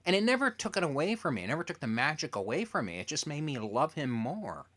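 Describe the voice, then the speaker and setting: A man interviewing a TV creator as a fan, telling stories in an animated way and acting out quotes. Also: a little high, fast. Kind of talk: casual interview chat.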